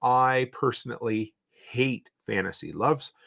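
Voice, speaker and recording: A man's voice: medium pitch, slow, vocal fry, fairly bright tone, breathy edge. A man with an Eastern Canadian accent, hosting a casual livestream and reading viewer comments aloud with rambling reactions. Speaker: podcast host.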